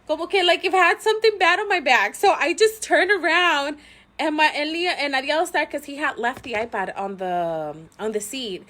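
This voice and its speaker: A woman with a slightly high voice, vlogging as a mother. She tells her story casually to the camera, chatty and animated, with many fillers and plenty of laughter. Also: moderate pace.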